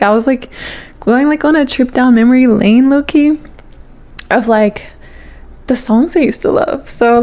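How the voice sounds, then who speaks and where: A young woman with a somewhat high voice chats casually to her vlog camera. She rambles along, peppering her talk with "like" and the odd swear word. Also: darkish tone. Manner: chatty, rambling, fills with 'like', casual swearing. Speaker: vlogger.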